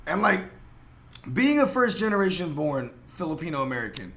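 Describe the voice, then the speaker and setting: A man's voice: on the high side, big pitch swings, brisk, a bit bright. A man from San Jose hosting a casual podcast chat, talking in a rambling, profane, heated way with many fillers and restarts. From San Jose, California. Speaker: podcast host.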